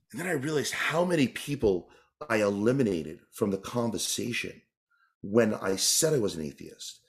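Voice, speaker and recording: Earnest, rambling man from New York. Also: mid-range voice. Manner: earnest, rambling, with frequent restarts. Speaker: interview guest, tap dancer and entertainer. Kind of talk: reflective casual interview answer.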